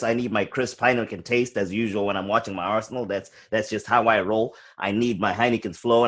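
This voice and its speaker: A man co-hosting a casual football podcast, laid-back and quick to agree and laugh along. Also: mid-range voice, fairly bright tone. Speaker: podcast co-host.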